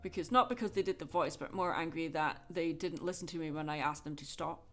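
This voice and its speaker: A Scottish woman chatting frankly with soft laughs while drawing on a livestream. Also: sits low, brisk, soft background music. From Scotland. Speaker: livestreaming artist.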